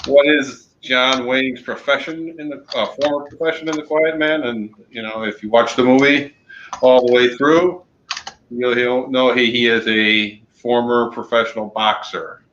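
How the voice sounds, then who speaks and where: Slow, halting man reading trivia answers. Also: medium pitch, steady tone, a bit bright, slight background noise. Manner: slow, halting, many ums and uhs; corny jokes. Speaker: podcast co-host running trivia. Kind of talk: casual chat. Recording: roomy, dull lo-fi sound.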